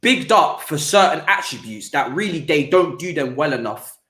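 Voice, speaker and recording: A man hosts a casual football talk, his voice sitting a little high. He gets animated, restarting and repeating words as he builds his point. The room around him rings with echo. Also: normal speed. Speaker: podcast host.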